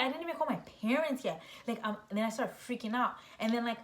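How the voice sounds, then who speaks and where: Young woman vlogger, storytime chat, says like a lot, squeals up high when she quotes herself. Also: fast. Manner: animated, full of "like" and "oh my God", jumps into high shrieky quoted voices. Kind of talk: casual storytime.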